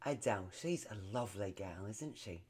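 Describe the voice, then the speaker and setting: A man's voice: lowish voice, expressive, moderate pace, a little mellow, slightly rough, pitched below the performer's own voice. A man putting on a playful Cockney-tinged British accent as a mock-soothing therapist on a podcast. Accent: put-on Cockney British. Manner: camp, teasing, playful.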